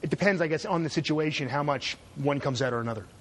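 A man's voice: fairly high pitch, quick pace, a little hiss or hum. A middle-aged man giving a university lecture, sarcastic and full of joking asides. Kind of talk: classroom lecture.

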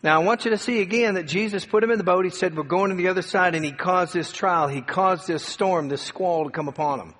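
Male pastor, dramatic sermon delivery, loud cries to soft hush, slightly high voice, long hall reverb. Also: brisk, few pauses. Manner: dramatic preacher, swings from loud cries to hushed tones.

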